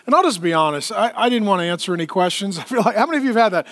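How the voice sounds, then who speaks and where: A middle-aged man, a pastor, preaching a sermon in a conversational, animated way and joking with the congregation. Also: high-pitched, racing, hardly any pauses. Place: church auditorium. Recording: long reverb of a large hall.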